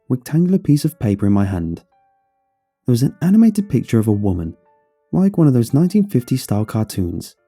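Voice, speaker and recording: A man reads a horror story aloud in a dark, husky voice that sits fairly low. His delivery is measured and descriptive, and his pitch moves a lot. The recording is dry, with faint music underneath. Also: dry recording. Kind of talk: scripted horror narration.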